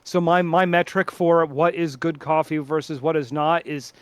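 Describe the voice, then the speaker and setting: A man's voice: on the high side, fairly even intonation, moderate pace, smooth, no room sound. A man co-hosting a casual podcast with friends, rambling with lots of fillers and restarts. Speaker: podcast co-host. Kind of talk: casual chat among friends.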